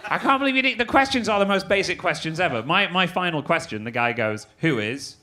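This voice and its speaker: A man's voice: sits high, lively intonation, fast talker. A man in his thirties from Manchester with a Mancunian accent, doing a stand-up set in a dry, sardonic way and chatting with the crowd. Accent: Mancunian English. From Manchester, England. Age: 30s. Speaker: stand-up comedian. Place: comedy club stage. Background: loud audience laughter and applause.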